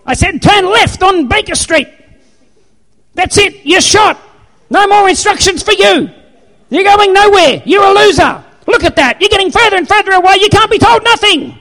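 A man voicing a furious male GPS that shouts insults at a driver who missed a turn. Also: very high voice, animated, normal speed, big-room sound, voice pushed up, exaggerated voice. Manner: yelling, berating.

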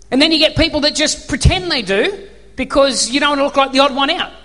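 Male pastor, high pitched, lively storyteller preaching in a reverberant hall. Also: a little fast. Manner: animated storyteller, acts out voices and screams. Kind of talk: sermon with storytelling.

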